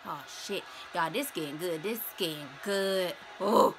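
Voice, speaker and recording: A young woman vlogging casually while watching a game with a friend, reacting loudly and laughing often. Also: on the low side, unhurried, noisy background.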